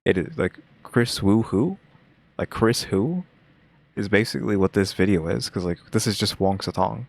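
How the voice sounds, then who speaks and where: A man's voice: on the low side, lively intonation, moderate pace, gravelly. A young man hosting a reaction video, talking casually and musing aloud with lots of fillers. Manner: rambling, musing, many fillers.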